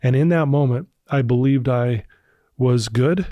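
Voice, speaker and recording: Man, 50s, earnest storyteller on a podcast, mid pitch, dry close sound. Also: unhurried, no room sound, highs cut off. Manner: earnest, emotional personal storytelling. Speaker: podcast guest, recovery speaker.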